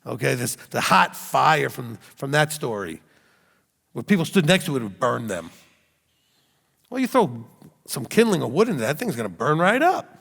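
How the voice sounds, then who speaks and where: A man's voice: mid-range voice, sing-song, normal speed, vocal fry, long pauses, a bit bright. A middle-aged man teaching scripture as a rabbi, telling stories with laughs and rhetorical questions. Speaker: rabbi teaching a Bible study. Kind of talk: animated sermon teaching. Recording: long hall reverb.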